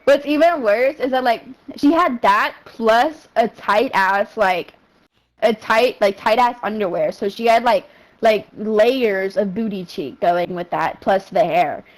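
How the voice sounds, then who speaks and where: A young woman streamer telling a story in casual, slangy, profane talk full of fillers, animated and quick to laugh. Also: medium pitch, low-quality recording. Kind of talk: casual storytelling while gaming.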